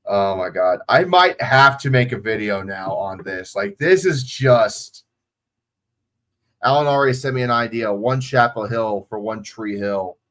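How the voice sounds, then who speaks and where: Hosting a livestream captured on a phone, this man speaks in a lowish, animated voice with a fairly bright tone at a measured pace. His talk is chatty, unscripted, and full of profanity.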